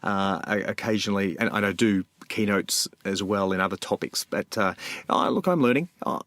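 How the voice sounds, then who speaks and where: Low-voiced hesitant man host. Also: normal speed, fairly bright tone, dry recording. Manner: hesitant, many ums and restarts, rambling questions. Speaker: podcast host, comedy course runner. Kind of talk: casual interview chat.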